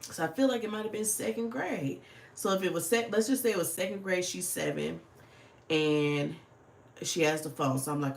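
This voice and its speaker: A woman's voice: fairly low pitch, moderate pace, vocal fry, reverberant. A woman, chatting casually and swearing freely on a livestream. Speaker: livestream host. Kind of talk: casual livestream chat while planning.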